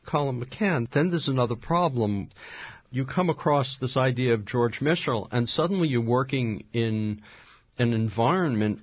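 Male radio interviewer, mid-pitched, measured and probing, dry muffled studio sound. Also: expressive, no room sound. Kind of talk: interview questions.

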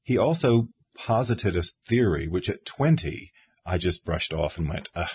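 A man's voice: sits low, a little slow, dull audio, a little hiss or hum. A man in his fifties, an interviewer and author, telling stories in casual conversation and mimicking the people he quotes. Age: 50s. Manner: animated storyteller who mimics people he quotes.

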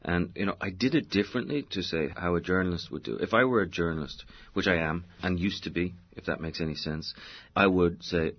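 Irish male novelist, deep and raspy, expansive talker who fills gaps with "you know", dull broadcast sound. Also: a little fast. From Ireland. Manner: expansive, digressive storyteller with many fillers. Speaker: novelist guest. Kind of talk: conversational interview answers.

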